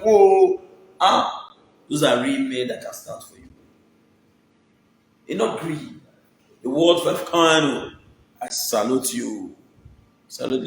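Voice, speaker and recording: A man with a Nigerian accent, a vlogger casually thanking his viewers by name, shifting between low murmured thanks and sudden loud excited bursts. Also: creaky, roomy sound, a little hiss or hum, poor audio. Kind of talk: casual Pidgin-laced shout-outs.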